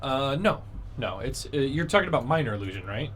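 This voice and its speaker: A man's voice: medium pitch, sing-song, fairly quick, a bit bright, a little hiss or hum. A man running a tabletop game as dungeon master, patiently explaining the rules and narrating the scene, with many fillers along the way.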